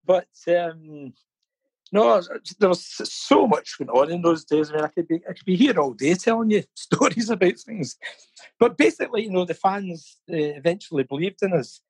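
A man's voice: high-pitched, animated, normal speed, slightly rough, no room sound, poor audio. A middle-aged man, telling stories as an interview guest, laughing often and repeating words as he thinks. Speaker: interview guest, fan campaigner. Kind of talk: casual storytelling interview. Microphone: phone or video call.

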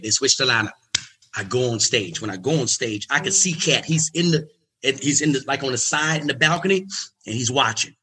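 A male stand-up comedian telling an animated story, acting out the voices of the people in it. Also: medium pitch, a little fast, breathy edge. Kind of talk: storytelling on a talk show.

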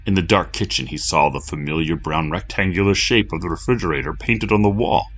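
A man narrating a horror story in a low, measured, steady delivery. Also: breathy edge, faint music behind.

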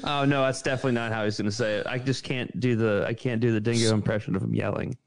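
A man from the northern US co-hosting a casual livestream, laid-back and wry with quick asides. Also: medium pitch, steady tone, gravelly, no echo. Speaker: co-host.

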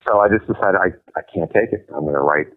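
A middle-aged man with a very deep, low voice speaks bluntly and emphatically, swearing freely as a guest author in a casual chat. His voice comes through a thin, tinny line that sounds like a telephone. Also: fast.

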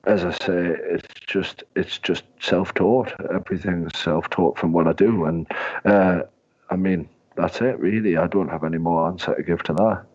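A man's voice: deep voice, fairly even intonation, moderate pace, darkish tone, slightly rough. A man, giving long, rambling, self-mocking answers as an interview guest. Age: 20s. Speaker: guest, comedian and sales director. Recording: dull lo-fi sound.

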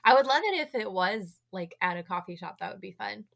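A woman's voice: medium pitch, expressive, brisk, vocal fry. A young adult woman hosting a podcast from home, chatting casually and putting on playful voices for her dogs. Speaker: podcast host. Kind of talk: casual chat. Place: home, remote recording.

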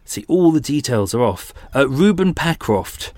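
A man's voice: medium pitch, big pitch swings, unhurried, a little mellow, dry recording, studio quality. A man in his forties hosting a true-crime podcast, talking casually with many restarts and self-deprecating asides. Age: 40s. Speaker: podcast host.

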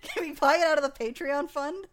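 A woman's voice: high voice, fairly even intonation, brisk. A woman co-hosting a podcast in casual chat, wry and blunt, swearing casually. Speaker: podcast co-host.

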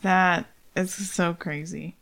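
A woman's voice: lowish voice, steady tone, slow, creaky, fairly bright tone. A young woman hosting a podcast, chatting casually and asking her guest curious follow-up questions. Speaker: podcast host. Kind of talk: casual interview chat.

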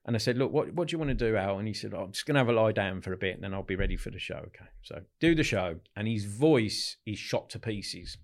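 A man with a fairly low voice talks through his old stories as a guest in a relaxed interview. He slips into the voices of people in his stories, replaying calls and chats as little scenes. His delivery is chatty and animated. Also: fast talker, hardly any pauses. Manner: animated anecdotes, quoting others in dialogue. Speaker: podcast guest. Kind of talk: storytelling in a casual interview.

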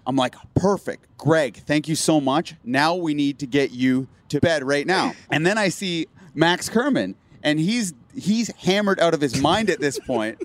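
A young man telling a story on a casual podcast, with a lively delivery that keeps acting out what his friends said. His voice sits a little high and jumps up and down a lot. A faint hiss runs under the recording. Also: normal speed. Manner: animated, acts out friends' lines while telling a story. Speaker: podcast co-host.

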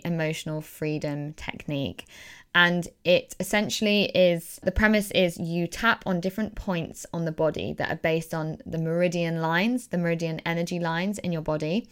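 A woman's voice: fairly low pitch, smooth. A woman hosting her own podcast as a coach, talking in an earnest, reflective way and doubling words for emphasis. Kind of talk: casual solo podcast talk.

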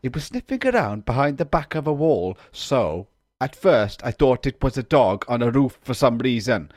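A man putting on a Welsh accent to voice an excitable man from a night out, recounting what he saw in a high, loud and eager voice. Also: moderate pace, dry recording, clean studio sound. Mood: eager, amazed. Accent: put-on Welsh. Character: excitable male Welsh pub-goer telling a big-cat sighting.

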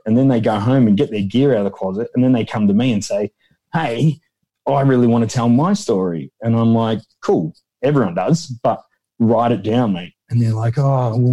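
A man's voice: medium pitch, brisk, dark tone. Rambling man telling stories. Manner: rambling storyteller, acts out quotes in a raised voice. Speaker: guest, founder of an extras agency. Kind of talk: casual interview chat.

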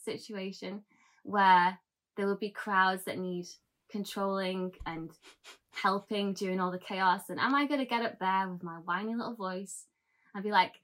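A woman's voice: mid-range voice, fairly even intonation, moderate pace, a bit bright. A woman being interviewed in a casual chat, giggling often and poking fun at herself. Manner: giggly, self-deprecating. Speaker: interview guest.

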